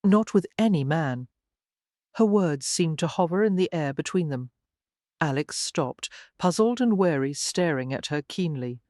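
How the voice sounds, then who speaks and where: A woman narrating an audiobook with an expressive, dramatic reading. Her voice sits somewhat low, and the sound is dry and close, with no room around it. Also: moderate pace, no echo. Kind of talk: scripted narration.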